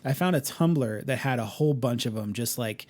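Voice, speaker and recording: Man, podcast co-host, casual chat, middling pitch, enthusiastic, laughs a lot, lots of ums and restarts. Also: normal speed, a little mellow. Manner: enthusiastic, laughs often, many fillers and restarts.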